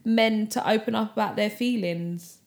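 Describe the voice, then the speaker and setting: A woman co-hosting a podcast in relaxed, casual chat. Her pitch sits in the middle, and she tends to tell stories and let her sentences fade toward the end. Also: moderate pace. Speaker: podcast co-host.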